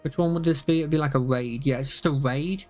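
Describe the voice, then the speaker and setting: A man's voice: a little high, fairly quick, darkish tone, faint music behind. A young man chatting casually on a live stream, rambling with many fillers and restarts.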